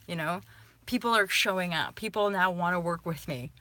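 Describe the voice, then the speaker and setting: A woman vlogging to her viewers about spirituality, talking emphatically and swearing freely, swinging between soft and fired-up. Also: fairly low pitch, normal speed, no room sound. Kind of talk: casual monologue to viewers.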